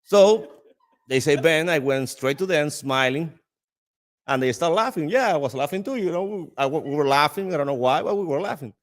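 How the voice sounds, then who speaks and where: Speaking casually in a cigar lounge, a man from the cigar trade shares an anecdote in Dominican-accented Spanish, his native language. His pitch runs on the high side at normal speed, and his animated telling is punctuated by laughs and sentences he starts over.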